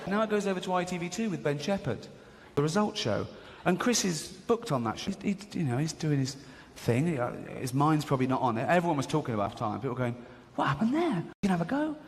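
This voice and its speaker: A man doing stand-up, telling a story in an animated way and acting out other people's voices. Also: a little high, fast talker, hardly any pauses. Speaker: stand-up comedian. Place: comedy stage. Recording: live stage, hall reverb, faint ambience.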